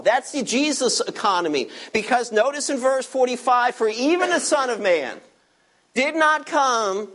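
Guy preaching, kinda high voice, slows way down on the big words, talks right at you. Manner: emphatic preaching, stretches key words slowly; addresses listeners directly, asks them to turn pages. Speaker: pastor. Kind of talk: sermon.

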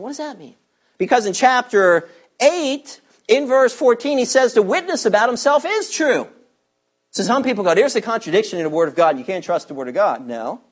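A man preaching a sermon, teaching verse by verse and asking his listeners rhetorical questions with strong emphasis. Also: extremely high pitch. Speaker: pastor.

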